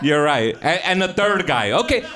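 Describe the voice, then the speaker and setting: A man's voice: a little high, big pitch swings, moderate pace, pushed and bright. A man doing improvised stand-up on a comedy club stage, swearing a lot and laughing at his own jokes. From Mexican-American. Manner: profane, laughing, self-mocking banter with the crowd. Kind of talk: improvised stand-up from audience suggestions. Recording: live stage recording with noise.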